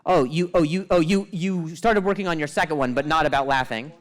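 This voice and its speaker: A man doing stand-up crowd work on a club stage into a handheld mic, with a stutter, quick self-deprecating quips and low muttered asides. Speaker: stand-up comedian.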